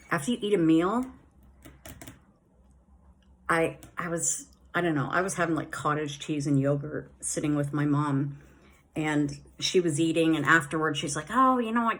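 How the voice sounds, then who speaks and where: A woman vlogging casually about her dental recovery, rambling with many fillers and a slight lisp on her S sounds while wearing new dentures. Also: deep voice. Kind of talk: casual chat.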